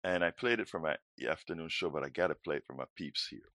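A man's voice: rumbling low, fast talker, bright, forceful tone, dry recording. A man hosting a political talk show, speaking energetically and repeating words as he starts his sentences.

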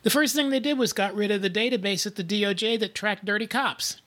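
A man's voice: sits high, brisk, a bit bright. A man co-hosting a casual political talk show, retelling stories and laughing often. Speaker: podcast co-host.

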